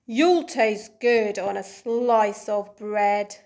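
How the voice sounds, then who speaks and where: A woman voicing a big boastful male monster who laughs loudly, in a storybook reading. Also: mid-range voice, drawn-out words.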